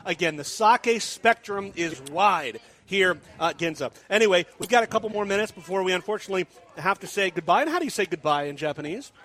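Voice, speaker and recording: A man's voice: high voice, expressive, brisk, few pauses, a bit bright. A man hosting a live radio food show, talking with enthusiastic, playful energy.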